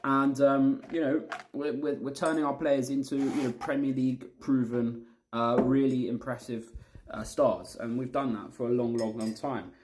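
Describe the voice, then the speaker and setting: A man's voice: mid-range voice, fairly even intonation, normal speed, a little mellow, slight background noise. Heated man ranting about a match. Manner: heated, repetitive, blunt with swearing. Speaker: football fan vlogger.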